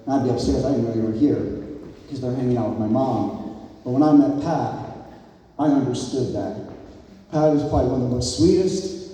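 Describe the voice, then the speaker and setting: A man's voice: mid-range voice, fairly quick, pauses often. Rambling man giving a wedding toast. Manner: rambling, joking, sentimental, shouts out crowd cheers. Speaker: wedding toast speaker, groom's friend. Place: wedding reception hall. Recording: echoey hall, mic from a distance.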